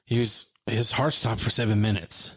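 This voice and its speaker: A man's voice: lowish voice, steady tone, moderate pace, breathy edge. A man co-hosting a podcast, retelling an emotional story and acting out the phone calls in quoted dialogue. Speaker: podcast co-host. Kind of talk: emotional storytelling in casual conversation.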